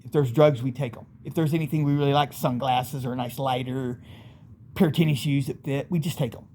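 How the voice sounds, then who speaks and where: A man's voice: medium pitch, steady tone, brisk, warm tone, slight background noise. A man casually telling a rambling, vivid first-person story, acting out voices in sudden bursts.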